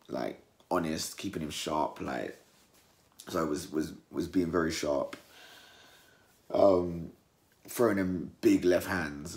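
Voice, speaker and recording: Low, gravelly young Englishman reacting to a fight. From England. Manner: animated, acts out fighters' words in mocking high voices. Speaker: boxing commentator. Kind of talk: casual post-fight reaction monologue.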